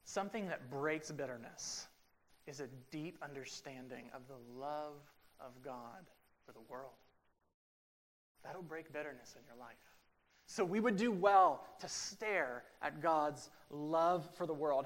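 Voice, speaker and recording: A pastor preaching a sermon to a congregation in a church room. He swings between loud, emphatic lines and quiet, drawn-out passages. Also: fairly high pitch, expressive. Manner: acts out quoted everyday talk for illustration.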